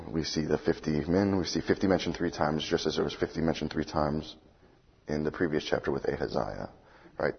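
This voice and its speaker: A man leads a Bible study in a very deep, husky voice. He talks conversationally and keeps checking in with his listeners. The recording sounds muffled and low-fidelity. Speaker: preacher.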